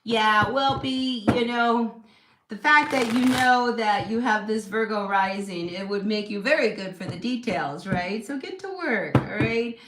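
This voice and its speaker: A woman's voice: on the high side, unhurried. A woman hosting a casual live tarot reading at home, chatty and encouraging, with lots of "you know" fillers. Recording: echoey room with steady noise.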